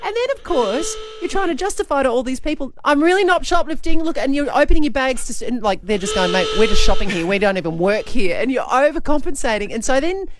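A woman's voice: a little high, expressive, quick pace, hardly any pauses, background noise. A middle-aged Australian woman hosting a breakfast radio show, telling a self-mocking story with lots of laughter. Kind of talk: casual radio chat, storytelling.

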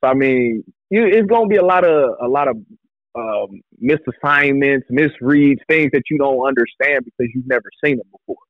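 A man guest on a sports talk show, speaking loosely with easy laughs and drawn-out sentences. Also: medium pitch, no echo, narrow, tinny audio. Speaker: guest, former defensive back. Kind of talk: casual interview talk.

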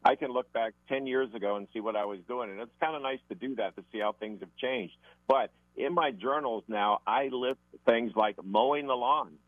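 A man's voice: mid-range voice, moderate pace, dry recording. A man speaking as a fitness expert guest on a radio show, rambling and often tacking on "and like that". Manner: rambling, fills with "and like that". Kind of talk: radio call-in advice. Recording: phone-like radio line.

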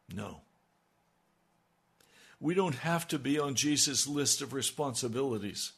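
A man's voice: medium pitch, creaky, a bit bright, slightly rough. A male preacher delivering a sermon with an impassioned, emphatic manner.

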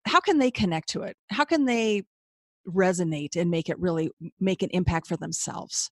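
A woman's voice: fairly low pitch, normal speed, no room sound, studio quality. A woman hosting a podcast who asks long, winding questions in an affirming tone. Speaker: podcast host. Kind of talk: interviewing.

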